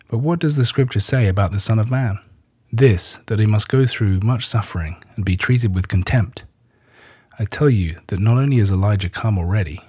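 A man giving a measured scripted reading of scripture, lightly voicing the quoted speech. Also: fairly low pitch, darkish tone, husky. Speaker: scripture reader.

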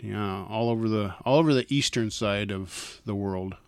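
A man's voice: fairly low pitch, normal speed, vocal fry, clean tone, dry recording. An older man from North Dakota, a guest telling stories in an easygoing, folksy way. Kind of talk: casual interview chat.

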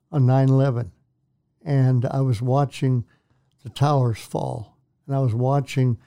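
A man's voice: mid-range voice, creaky, mellow, clear, resonant tone. An older man, a minister, telling his faith story to an interviewer in an earnest, preacherly way that repeats phrases for emphasis. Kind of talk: testimony in a Christian talk show interview.

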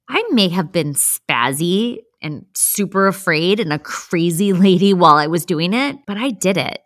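A middle-aged woman hosting a podcast, telling her own stories in a casual, animated, self-deprecating way and acting out the lines she quotes. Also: medium pitch, unhurried, no room sound, studio quality. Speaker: podcast host. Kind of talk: casual storytelling.

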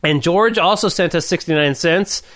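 A man's voice: fairly high pitch, moderate pace, fairly bright tone. A man hosting a podcast in loose, joking banter, laughing often. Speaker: podcast host.

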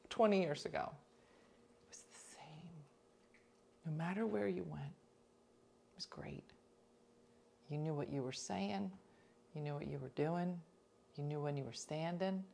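A woman telling stories to her listeners in casual chat, animated and talkative, sometimes dropping into whispers for asides. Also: medium pitch. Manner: chatty, animated, drops into whispers for quoted asides.

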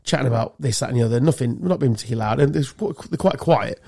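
A man from England co-hosting a podcast, telling animated, sweary travel stories in casual chat. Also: medium pitch, very fast, creaky, slightly rough. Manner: swearing storyteller, animated anecdotes. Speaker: podcast co-host.

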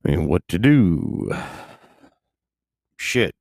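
A man's voice: low voice, big pitch swings, drawn-out words, creaky, darkish tone, no room sound, clean studio sound. A man talking casually and profanely in a rambling monologue, laid-back and chuckling often.

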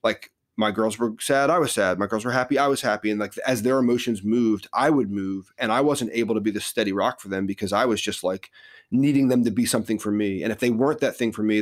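A middle-aged man, a guest on a podcast interview, telling a personal story in an earnest, reflective way with lots of filler words. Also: lowish voice.

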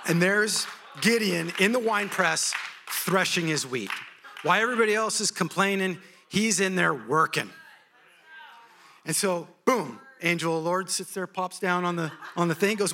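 A man preaching a sermon, telling a story in an animated, humorous way. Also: high-pitched, moderate pace, a little hiss or hum.

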